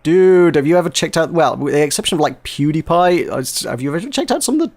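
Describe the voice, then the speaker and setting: A British man hosting a casual gaming podcast, jokey and rambling, quick to laugh. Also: on the high side, lively intonation, darkish tone. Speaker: podcast host.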